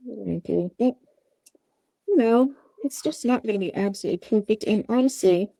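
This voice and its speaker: A woman's voice: medium pitch, normal speed, vocal fry, dark tone, dry recording, studio quality. Chatty, apologetic woman puppet maker. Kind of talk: casual livestream commentary. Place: outdoors.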